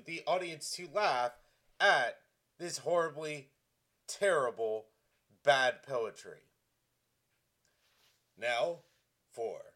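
A man's voice: mid-range voice, fairly bright tone. A man in his forties from Tennessee, giving self-mocking dramatic readings with a mock-dramatic, self-deprecating delivery. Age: 40s. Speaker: comedic vlogger.

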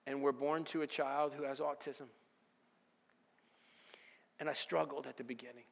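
A man preaching an earnest sermon as a pastor, moving between fervent declarations and quiet personal confession. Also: medium pitch, steady tone, normal speed, gravelly. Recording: long reverb of a large hall.

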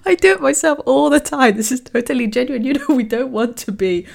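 A woman's voice: high voice, brisk, vocal fry. A British woman giving a lecture, talking with frequent laughter and fillers. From Britain. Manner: laughs often, fillers, animated when amused. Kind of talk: lecture on cultural communication.

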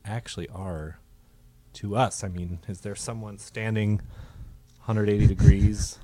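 A man's voice: fairly low pitch, fairly even intonation, measured pace, crowd noise. A man co-hosting a comedy podcast, joking and rambling in casual chat. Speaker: podcast co-host.

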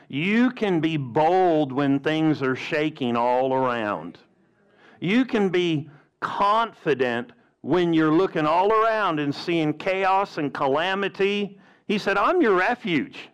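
Slow, emphatic male preacher. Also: a little high, fairly bright tone. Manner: emphatic preaching, rhetorical questions. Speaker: pastor. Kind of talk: sermon.

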